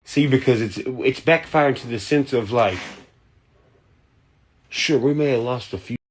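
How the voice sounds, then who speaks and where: Heated man, mid pitch, profane ranting commentator with mocking asides. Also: measured pace, a little hiss or hum.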